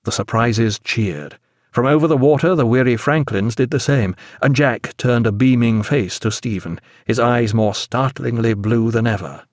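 A man reads a novel aloud as an audiobook narrator, measured and expressive in his storytelling. His voice is mid-range, and the dry recording has studio quality.

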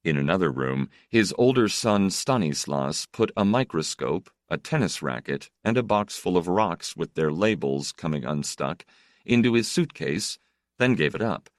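A man narrating a story in a measured, expressive way. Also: deep voice, no echo, clean studio sound. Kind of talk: scripted narration.

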